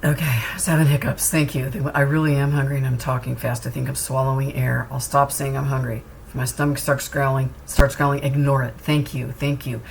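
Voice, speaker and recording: A woman's voice: extremely low pitch, little pitch movement, fairly quick, vocal fry, few pauses, a little hiss or hum. Earnest, reassuring woman tarot reader. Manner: earnest, reassuring, repeats phrases for emphasis. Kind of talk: tarot reading to camera.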